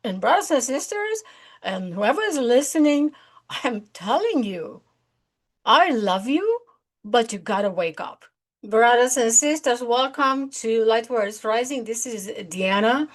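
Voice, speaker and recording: Slow, earnest woman preaching a warning. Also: on the high side, expressive. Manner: earnest, urgent exhortation with repeated phrases. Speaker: host of an online prophecy channel. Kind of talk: online prophetic sermon.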